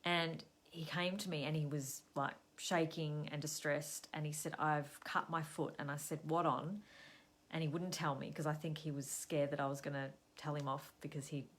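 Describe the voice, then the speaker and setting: A woman's voice: low-pitched, steady tone, normal speed, few pauses. An Australian woman hosting a live stream, chatting to viewers and telling a story in a casual, conversational way. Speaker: host of a weekly live show.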